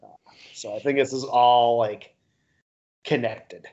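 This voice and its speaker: Brief: male podcast co-host, casual, laughs a lot, swears freely, mid pitch, muffled lo-fi audio. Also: fairly even intonation, slow, darkish tone. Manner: laughs often while theorizing, loose and profane. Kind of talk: casual chat. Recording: dull lo-fi recording.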